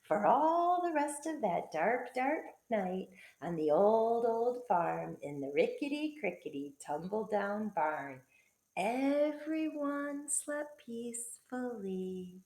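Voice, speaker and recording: A woman teacher reading a picture book aloud to children, playful and expressive. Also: medium pitch, slow pace, reverberant. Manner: playful, expressive storytelling with sound effects.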